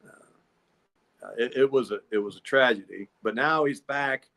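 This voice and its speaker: A man's voice: mid-range voice, normal speed, vocal fry, sharp tone. A man telling a long, rambling story in a casual podcast monologue. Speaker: podcast host.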